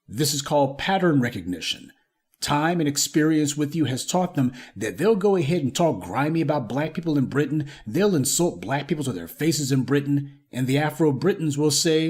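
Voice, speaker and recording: A man's voice: fairly high pitch, very animated, normal speed, a little mellow. Scornful Southern-accented man ranting. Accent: Southern American. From Southern United States. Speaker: live-stream commentator. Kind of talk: opinion monologue.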